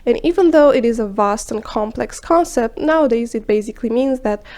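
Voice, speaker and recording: A woman narrating a scripted film review video in a measured, explanatory way, sometimes dropping into hushed asides. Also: a little high, animated.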